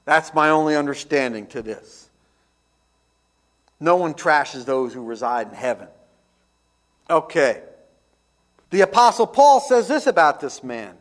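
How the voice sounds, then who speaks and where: A man preaching a radio sermon as host, emphatic and swinging between loud declarations and hushed asides. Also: fairly high pitch, very animated, measured pace, long pauses.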